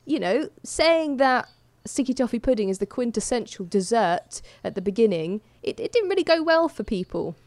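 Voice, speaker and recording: A woman's voice: a little high, big pitch swings, normal speed, darkish tone, dry recording. A woman co-hosting a podcast, chatting casually and laughing often as she recaps a TV show. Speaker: podcast co-host.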